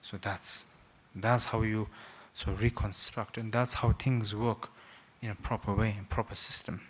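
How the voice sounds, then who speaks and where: Man rambling through a gentle teaching talk. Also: on the low side, level tone, a little slow, a little hiss or hum. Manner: rambling, self-mocking, with frequent "sort of" and hesitations. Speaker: Buddhist teacher, guest speaker. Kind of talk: informal teaching talk to young people.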